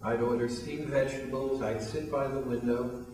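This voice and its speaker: A man's voice: medium pitch, fairly even intonation, moderate pace, darkish tone, far from the mic. An older man, founder of a weight loss program, telling a long anecdote as a guest and acting out the lines of the people in it. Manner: anecdotal, acts out quoted dialogue. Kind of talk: storytelling interview. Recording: echoey room, voice from off-mic.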